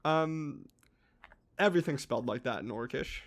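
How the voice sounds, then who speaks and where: An eager man with a slightly higher voice rambles happily through a long explanation. He speaks casually, often trips over his words and restarts, and clearly loves the subject. The tone is loose and conversational, like a podcast chat between friends. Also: moderate pace. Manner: excited, rambling, hesitant restarts. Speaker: podcast co-host.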